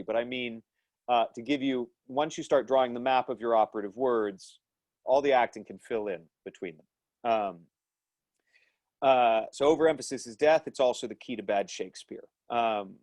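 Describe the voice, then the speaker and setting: A man's voice: mid-range voice, darkish tone, no room sound. American guy teaching acting on a call, medium voice, dry close sound, lots of ums. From United States. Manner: thoughtful, emphatic teaching with frequent ums and uhs. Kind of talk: lecture over a video call. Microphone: video call mic.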